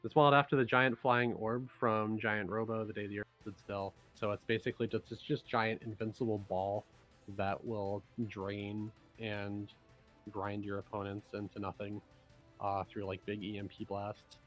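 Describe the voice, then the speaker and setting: A man's voice: fairly low pitch, little pitch movement, normal speed, a bit bright, faint music behind. A man hosting a casual livestream as a game designer, explaining game cards in loose, rambling talk. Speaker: game designer and stream host.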